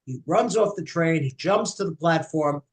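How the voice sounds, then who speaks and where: Man, service leader, joking, chatty, slightly high voice. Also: animated, normal speed. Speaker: clergy leading a service. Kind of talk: Friday night service with joke and chant. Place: synagogue sanctuary.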